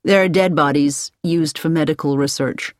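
A woman reading the lines of a cheerful young American man who speaks in a friendly, calm way. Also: low-pitched, a little slow, no room sound, clean studio sound.

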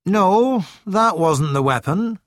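A man's voice: high-pitched, lively intonation, slow, no room sound, studio quality, pitched above the performer's own voice. A man reading aloud as a matter-of-fact male doctor explaining a death. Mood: factual.

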